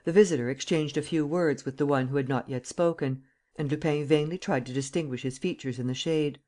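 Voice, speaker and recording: A man narrating a classic novel as an audiobook in a steady, measured reading style. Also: a little high. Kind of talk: scripted narration.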